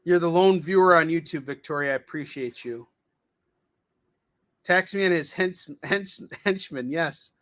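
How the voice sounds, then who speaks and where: A comic book artist rambles and cracks jokes through a casual livestream Q&A, laughing often. His voice is a little high and a bit bright, at a measured pace. The mic is distant, with faint background noise.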